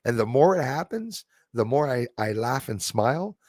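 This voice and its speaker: Speaking at a moderate pace in a sing-song, darkish mid-range voice, a Canadian livestream host chats along, reads comments and names the viewers he thanks. There is no echo, and the sound is studio quality.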